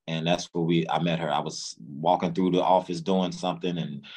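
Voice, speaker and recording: A man's voice: low-pitched, level tone, normal speed, darkish tone, slightly rough. A man from Memphis with a Southern accent, telling a long story in a casual interview, repeating words and acting out quotes. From Memphis, Tennessee, US. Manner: rambling, repeats words, acts out quotes in raised voice. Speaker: guest, music executive.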